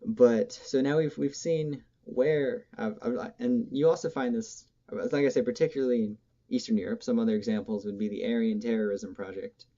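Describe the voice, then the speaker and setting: A man's voice: medium pitch, normal speed, dark tone, dull audio. A man giving a casual, rambling monologue as a music commentator, hesitant and full of ums, often correcting himself mid-sentence.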